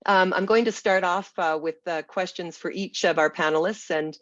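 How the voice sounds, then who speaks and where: Panel moderator on a video call, gravelly and a bit rough from smoke, halting delivery; muffled, close, dry sound. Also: medium pitch, a bit bright, no echo. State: throat irritated by smoky air. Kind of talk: online webinar moderation.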